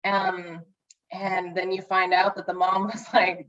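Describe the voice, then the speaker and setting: A woman's voice: fairly low pitch, little pitch movement, a little slow, fairly bright tone, lo-fi sound. A woman co-hosting a podcast in casual chat about films, gushing and rambling with many restarts and acted-out asides. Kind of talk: casual movie review chat.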